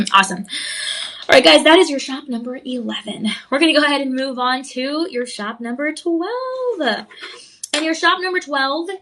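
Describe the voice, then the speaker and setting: A woman's voice: high voice, expressive, a little slow, a bit bright. A woman hosting a live jewelry sales show, gushing with enthusiasm, full of ums and little laughs. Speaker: shopping channel jewelry host. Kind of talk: live on-air sales pitch. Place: TV studio.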